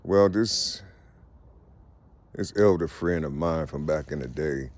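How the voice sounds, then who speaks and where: A middle-aged man talking in a casual, halting monologue, full of fillers and repeated "you see", swearing freely. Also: rumbling low. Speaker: vlogger.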